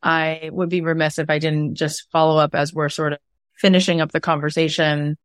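A woman's voice: low-pitched, flat delivery, brisk, clear, resonant tone, no echo, clean studio sound. A woman hosting a candid podcast conversation, telling stories animatedly, laughing and acting out quotes. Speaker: podcast host.

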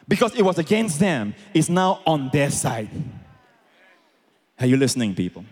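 A man preaching a sermon as pastor, swinging between quiet explanation and loud, shouted emphasis. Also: on the high side, big pitch swings, normal speed, a faint crowd, slight background noise. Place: large church auditorium with congregation.

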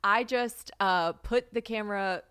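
A young adult woman hosting a podcast in casual chat, chatty and quick, swearing now and then. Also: medium pitch, pushed and bright, clear, resonant tone. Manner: fast, chatty, swearing, laughing often. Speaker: podcast host.

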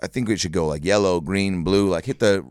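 A man's voice: deep voice, brisk, a little mellow, clear, resonant tone, dry recording, studio quality. A young man hosting a casual podcast chat, joking and riffing in silly voices. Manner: jokey, riffs with silly put-on voices. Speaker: podcast host.

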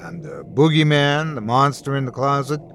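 A man's voice: mid-range voice, very animated, normal speed, a bit bright, faint music behind. A man voicing a sinister, ageless male boogeyman who taunts with mocking glee. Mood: taunting. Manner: mocking, relishing cruelty.

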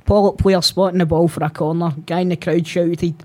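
A man's voice: high voice, fairly even intonation, fairly quick, dark tone. A Scottish man co-hosting a casual chat, trading sweary stories and laughing often. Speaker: podcast co-host.

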